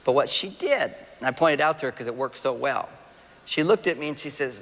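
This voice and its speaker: High-voiced man lecturing in a reverberant hall. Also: fairly quick, a faint crowd, a little hiss or hum. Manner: animated, acts out quoted partners and addresses the audience directly. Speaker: relationship speaker. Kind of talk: live seminar talk. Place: large hall with a live audience.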